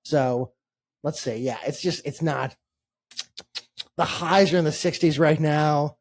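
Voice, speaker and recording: A man co-hosting a casual sports podcast, talking in quick, rambling bursts and swearing casually. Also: fairly high pitch. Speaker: podcast co-host. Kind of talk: casual chat.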